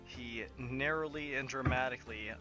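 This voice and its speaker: A man's voice: mid-range voice, moderate pace, over music. A man narrating as game master of a tabletop game, playful and full of fillers. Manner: playful storytelling with frequent fillers.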